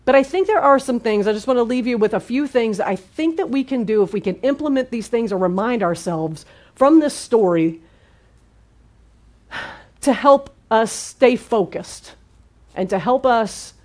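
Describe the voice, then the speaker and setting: A woman pastor giving a conversational sermon, lively and full of questions to the congregation. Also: mid-range voice. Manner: lively, asks the audience questions.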